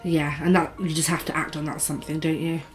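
A woman co-hosting a podcast in casual chat, reacting with quick comments and questions. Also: low voice, level tone, soft background music. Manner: reactive, frequent short responses. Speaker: podcast co-host.

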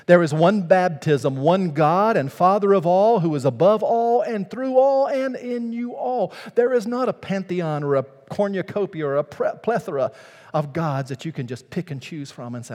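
Male pastor, sermon, highish voice, big hushed-to-loud swings, reverberant hall. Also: expressive, measured pace. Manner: dramatic swings from hushed to loud, preacherly cadence.

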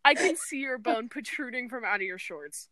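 A woman chatting crudely on a podcast, giggling and breaking into loud outbursts. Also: on the high side, expressive, normal speed, over a noisy crowd. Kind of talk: giggly casual chat. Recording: noisy mic with clicks.

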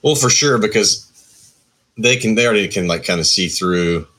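A man in his forties, a musician guest, telling his story in a relaxed, rambling way with many hedges. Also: fairly low pitch, normal speed. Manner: rambling, lots of hedges and restarts. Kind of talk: casual interview storytelling.

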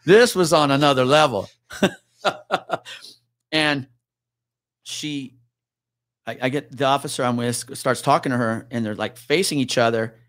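A man's voice: medium pitch, a little slow, long pauses, a bit bright, no echo, studio quality. A man guest on a podcast, a retired police officer telling a story in casual talk, swearing freely and acting out what others said.

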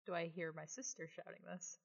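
A woman playing a tabletop game, hesitant and stumbling over her starts. Her voice sits low in pitch. The audio is dull and muffled, with a lo-fi sound. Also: fairly even intonation, a little fast, creaky. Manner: hesitant, stammering restarts. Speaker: player.

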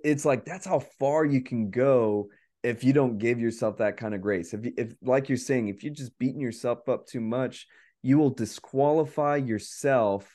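A man with a mellow, medium-pitched voice talks casually on a podcast. He rambles, laughs often, and uses "like" heavily.

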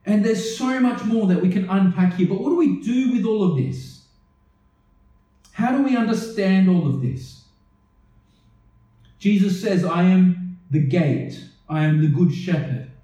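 A man delivers a sermon in a high, mellow voice, taking his time over each phrase. He keeps pressing the listeners with earnest questions. The sound is very echoey, as if he stands some way off from the mic. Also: animated, a little slow, long pauses. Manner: earnest preaching, repeated rhetorical questions. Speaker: pastor. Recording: echoey room, voice from a distance.

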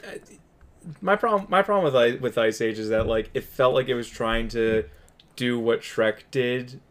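A man's voice: mid-range voice, moderate pace. A man co-hosting a podcast, joking and bantering casually. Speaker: podcast co-host. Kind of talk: casual chat.

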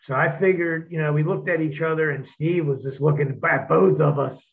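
A man with a fairly high voice tells rowdy stories, swearing freely and acting out what others said. The sound is thin and tinny, like a phone line. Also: fairly quick, creaky. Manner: profane, animated, acts out quotes of others. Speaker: podcast guest, former wrestler. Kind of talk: casual storytelling.

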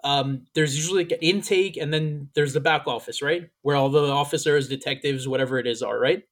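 Animated, profane storytelling man. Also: fairly high pitch, a little fast. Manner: animated, profane, acts out quoted lines. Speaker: podcast host. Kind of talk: casual storytelling chat.

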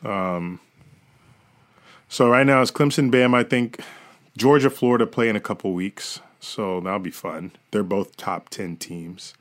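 A man's voice: on the low side, unhurried. A young man hosting a podcast in a laid-back, joking way, swearing often as he chats about sports. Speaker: podcast host. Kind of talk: casual podcast chat.

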